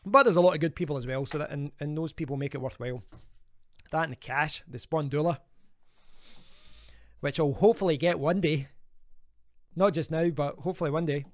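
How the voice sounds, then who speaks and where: A man's voice: fairly high pitch, fairly quick, pauses often, dry recording. A Scottish man in his thirties, hosting a casual live stream from home and chatting as he answers viewer comments. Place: home in Spain.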